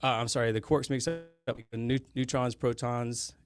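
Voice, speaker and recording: A man's voice: mid-range voice, little pitch movement, moderate pace, soft background music. A man speaking as a podcast guest in a casual chat, rambling and often stopping to correct himself. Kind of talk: casual conversation.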